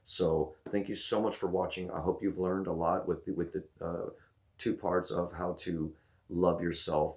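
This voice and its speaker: Excitable man with a very deep voice. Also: vocal fry. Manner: enthusiastic, repeats "guys" and "baby", stammers restarts. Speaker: vlogger host. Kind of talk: excited shout-outs to viewers.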